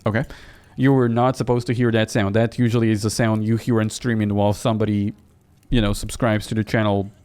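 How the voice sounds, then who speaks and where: A man's voice: fairly low pitch, little pitch movement, a little fast, a little mellow, clear, resonant tone. A man hosting a let's play video, joking and laughing at himself while playing a horror game. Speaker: gaming video host.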